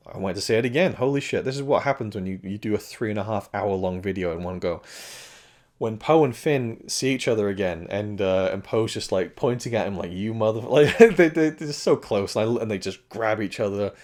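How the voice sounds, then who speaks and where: A man's voice: on the low side, lively intonation, normal speed, darkish tone. A man reviewing a film in casual talk. His voice is strained and cracking, and he rambles with frequent restarts and self-corrections.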